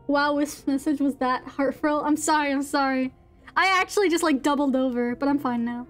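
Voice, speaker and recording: Brief: young woman streamer, high voice, giggly and blunt, faint game music behind. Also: steady tone, fairly quick. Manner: giggly, reactive, swearing, exclamatory. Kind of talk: live gaming commentary.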